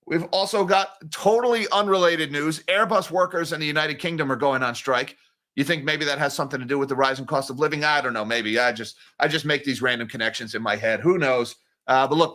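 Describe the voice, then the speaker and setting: A man hosting a daily finance news show, running through market numbers in a casual, sarcastic, jokey way. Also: a little high. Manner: sarcastic, animated, jokey asides.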